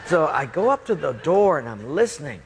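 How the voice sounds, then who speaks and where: Animated preacher telling a story. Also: male voice, fairly high pitch, in a large hall. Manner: animated, expressive, playful. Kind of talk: sermon storytelling.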